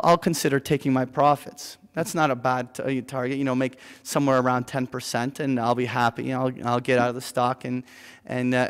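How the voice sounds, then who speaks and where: A man leading a live investing seminar in front of an audience, telling an animated story with many fillers and "right?" tag questions. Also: mid-range voice, smooth. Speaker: seminar instructor. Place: lecture room with an audience. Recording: reverberant lecture hall.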